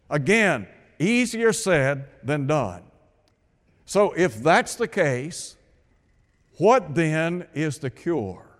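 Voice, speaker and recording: A man preaching a radio sermon, asking rhetorical questions and repeating his points for emphasis. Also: on the high side. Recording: long hall reverb.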